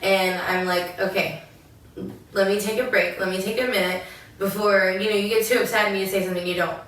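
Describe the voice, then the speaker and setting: A woman's voice: medium pitch, fairly even intonation, brisk, a bit bright. A young adult woman co-hosting a podcast, talking earnestly and reflectively in casual chat. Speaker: podcast co-host. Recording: echoey room, mic far off.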